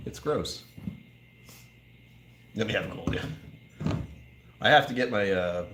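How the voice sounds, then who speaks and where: Against a noisy background, a low-pitched American man hosts his whiskey channel's livestream from a whiskey bar indoors. He keeps things casual, joking around and reading what viewers write in.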